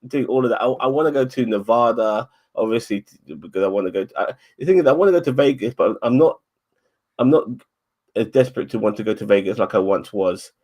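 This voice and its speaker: A man's voice: mid-range voice, animated, fast, darkish tone. A man chatting casually as podcast co-host, rambling, swearing a lot and stumbling over repeated words. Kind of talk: casual chat.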